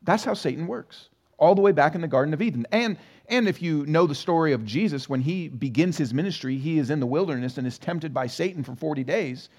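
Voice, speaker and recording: A man's voice: fairly high pitch, lively intonation, fairly quick, a little mellow. A man preaching a sermon as pastor in a church, talking conversationally and asking the congregation rhetorical questions. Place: church sanctuary.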